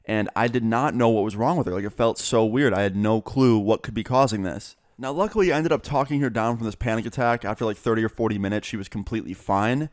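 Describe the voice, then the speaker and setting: Low-voiced young man telling a story. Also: fast, hardly any pauses, no room sound, studio quality. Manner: casual, chatty storytelling with filler words. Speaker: vlogger. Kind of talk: storytime vlog.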